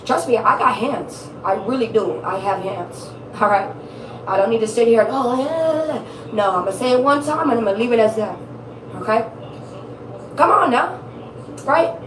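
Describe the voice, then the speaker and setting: A woman's voice: mid-range voice, roomy sound, recorded from a distance, rough recording. A woman giving a casual tarot reading, blunt, emphatic and profane, repeating her points for stress. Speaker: tarot reader.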